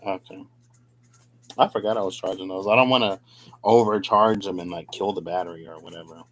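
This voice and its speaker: A man's voice: low-pitched, fairly even intonation, fairly quick, a bit bright, slight background noise, low-quality recording. A man chatting casually through a tarot reading, rambling, laughing often and talking to himself as he goes. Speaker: tarot card reader.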